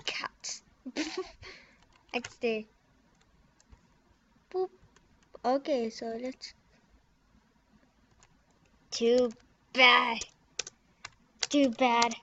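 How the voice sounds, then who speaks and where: A young woman with a slightly high, fairly even, fairly bright voice offers giggly commentary while she types and records a prank game video. She halts, mumbles, and trails off, and the dull lo-fi computer mic adds a little hiss or hum.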